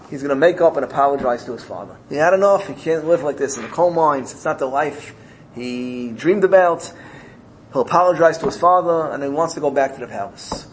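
A man's voice: a little high, a little hiss or hum, low-quality recording. Man telling a parable in a sermon. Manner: storytelling, rising emotionally in places, repeating phrases. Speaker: rabbi.

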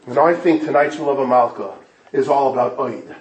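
A man's voice: mid-range voice, fairly quick. Echoey, impassioned man preaching a sermon. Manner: emotional, moving from hushed to impassioned. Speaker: speaker at an evening gathering. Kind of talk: sermon with storytelling. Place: synagogue hall. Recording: echoey room.

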